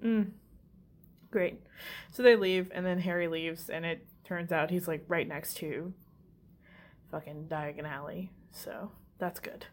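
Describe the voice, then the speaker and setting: A woman's voice: on the low side, steady tone, measured pace, long pauses. A woman casually recapping a movie, swearing freely and laughing at her own asides. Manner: casual, profane, giggly asides.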